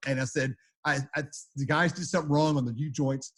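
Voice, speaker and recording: A man's voice: medium pitch, fairly even intonation, fast, few pauses. A middle-aged man from the United States, a storm chaser telling his stories as an interview guest, rambling and repeating words as he acts out quotes. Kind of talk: animated storytelling.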